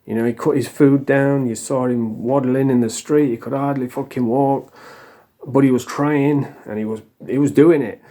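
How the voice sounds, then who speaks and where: A man's voice: mid-range voice, steady tone, normal speed, mellow. A middle-aged man from England, talking casually and bluntly to camera, rambling and swearing freely. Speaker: vlogger.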